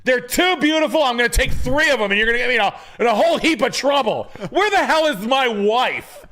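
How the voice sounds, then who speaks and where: A man putting on the voice of a sleazy, excitable middle-aged male realtor, whiny and overdramatic. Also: very high-pitched, brisk, full character voice. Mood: frantic.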